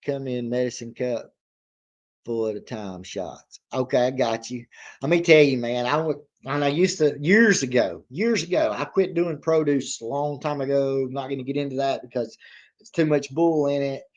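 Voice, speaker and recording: A man in his thirties with a drawl hosts a casual livestream, rambling from one story to the next in a folksy, easygoing way. He laughs often and reads viewer comments aloud as he goes. His voice sits at a middling pitch, and the stream audio is a little dull and lo-fi. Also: normal speed. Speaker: livestream reaction host.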